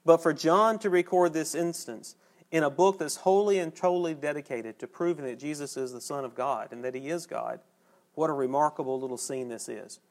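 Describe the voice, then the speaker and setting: A man delivers a sermon, his voice sitting a little high. He talks to the congregation conversationally and slows down to stress key phrases. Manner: folksy, conversational preaching with emphatic pauses. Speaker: preacher.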